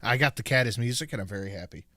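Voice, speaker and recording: A man co-hosting a livestream talk show, making dry, measured remarks and reading out chat messages. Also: medium pitch, sharp tone, no room sound. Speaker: podcast co-host.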